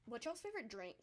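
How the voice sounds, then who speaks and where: A woman's voice: on the high side, slight background noise. A teenage girl with a Southern US accent, leading a casual group chat and giggling often. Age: teen. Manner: giggly, chatty, Southern turns of phrase.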